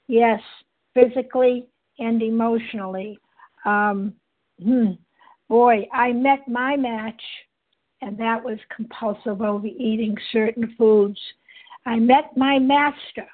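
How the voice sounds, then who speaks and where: A woman with a somewhat high, husky voice speaks slowly and reflectively. She often pauses to find her words, and the sound is thin, as if it came over a phone line. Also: fairly even intonation. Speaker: meeting member sharing. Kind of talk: personal recovery share. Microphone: phone call.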